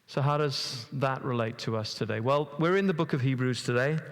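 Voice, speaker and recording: Storytelling preacher in a reverberant church. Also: male voice, mid-range voice, brisk. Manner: storytelling, asks the congregation questions; stumbles and repeats words. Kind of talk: conversational sermon.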